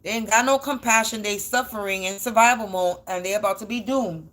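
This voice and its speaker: A woman's voice: medium pitch, fairly quick, fairly bright tone. A woman doing a casual spiritual reading, blunt and profane, repeating phrases for emphasis. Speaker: spiritual energy reader.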